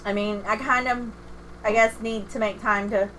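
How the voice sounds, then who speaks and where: A middle-aged woman chats candidly with her stream viewers from home, joking about her own day and laughing easily. Her voice sits fairly high and sounds bright and sharp-edged, with a faint hiss of noise underneath. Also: steady tone, normal speed. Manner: candid, chatty, self-deprecating, laughs often. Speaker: game streamer. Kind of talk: casual livestream chat.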